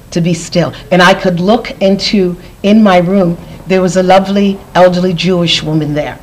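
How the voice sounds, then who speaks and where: A woman's voice: lowish voice, rough recording. A woman giving a personal testimony as an interview guest, earnest, often repeating phrases for emphasis.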